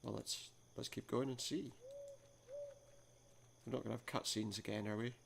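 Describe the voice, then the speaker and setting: A man with a gravelly, mid-pitched voice hosts a let's play, reading out a spooky game's text. Between lines he drops wry, dry little jokes in a casual tone. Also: steady tone, moderate pace, noisy background. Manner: wry, joking asides between dramatic readings. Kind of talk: reading game text aloud with asides.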